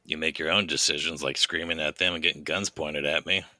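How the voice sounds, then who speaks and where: A man voicing a world-weary man with a robot arm in a tabletop role-play, speaking in a calm, resigned way. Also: very deep voice, a little fast, no echo, full character voice.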